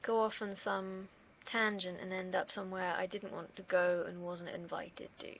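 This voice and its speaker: A woman's voice: on the low side, flat delivery, moderate pace, creaky, a little hiss or hum. A young woman from the UK, vlogging in a rambling, self-deprecating monologue and swearing freely. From United Kingdom. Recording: dull lo-fi recording.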